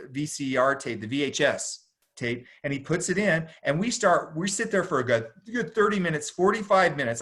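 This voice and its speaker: A middle-aged man, a podcast guest, telling a long story in a casual, animated way, full of slang and "dude". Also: on the high side. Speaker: podcast guest, jiu-jitsu instructor.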